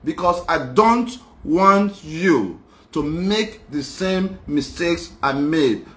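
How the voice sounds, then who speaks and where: Man, young, high-pitched, insistent, repetitive, echoey. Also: expressive, slow pace, a bit bright. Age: young adult. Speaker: guest speaking on a live show. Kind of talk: emotional personal monologue.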